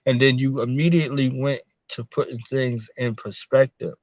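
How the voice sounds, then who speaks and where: A man's voice: medium pitch, fairly even intonation, normal speed, darkish tone, no echo. A middle-aged man hosting an interview in a casual, encouraging way with preacherly phrasing. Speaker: podcast host.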